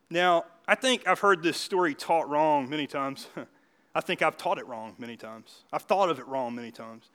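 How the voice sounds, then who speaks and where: Guy preaching in church, high bright voice, chatty, keeps asking "you know what i mean", gets loud then drops quiet. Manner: conversational preaching with frequent rhetorical questions; swings between loud emphatic bursts and quiet asides. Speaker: pastor. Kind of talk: sermon.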